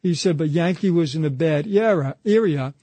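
A man with a high-pitched voice spins a long anecdote in an interview, passing it along through a string of quoted exchanges. His voice sounds dry and close, with no room around it. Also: moderate pace, mellow, no echo. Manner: retells a story through a chain of quoted dialogue, repeating "he said". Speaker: interview guest. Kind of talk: conversational storytelling anecdote.

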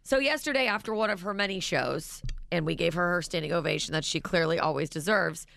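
A woman's voice: lowish voice, a little fast, gravelly, a little hiss or hum. A woman co-hosting a radio show, telling a story in casual chat and acting out the quotes with gusto. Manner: animated storyteller who acts out quotes.

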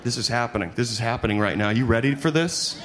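A male stand-up comedian doing his set on stage in front of a live audience, talking in an animated way and swinging into loud, exaggerated voices. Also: mid-range voice, fast talker. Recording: noisy live stage recording.

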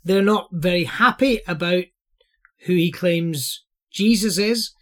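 High-voiced preacher. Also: male voice, slow pace, fairly bright tone. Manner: earnest, explanatory, emphatic. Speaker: podcast Bible teacher. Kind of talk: sermon-style Bible teaching.

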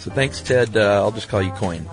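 A man with a very low voice co-hosting a podcast in relaxed, easygoing conversation. He reads listener mail aloud between casual banter, with faint music underneath. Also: moderate pace. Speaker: podcast co-host. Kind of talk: casual chat.

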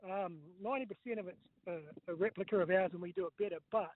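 A high-pitched man with a New Zealand accent calls in from outdoors on his mobile. He talks in a quick, blokey, chatty way, and his voice comes through a thin, tinny phone line with no room around it. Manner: chatty, blokey, says mate a lot. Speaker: caller. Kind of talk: casual phone-in chat. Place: outdoors on a golf course.

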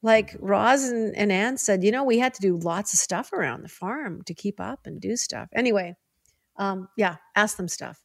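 A middle-aged woman hosting a podcast in casual chat, chatty and animated as she gives heartfelt advice. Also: mid-range voice, moderate pace, vocal fry, no echo, clean studio sound. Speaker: podcast host.

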